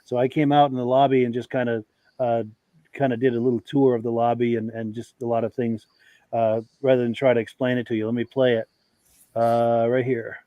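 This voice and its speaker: Male host, mid pitch, dry close sound, upbeat and agreeable, reading comments. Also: little pitch movement, brisk, no echo, highs cut off. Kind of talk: casual chat, reading viewer comments.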